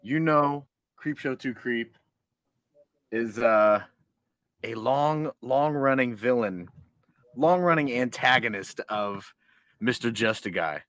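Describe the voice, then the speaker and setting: Guy cohosting a podcast from home, talks slow and easy, dry close sound. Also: medium pitch, expressive, fairly bright tone, no echo. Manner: playful, coaxing his dog. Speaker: podcast co-host. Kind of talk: casual chat. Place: home, on a couch.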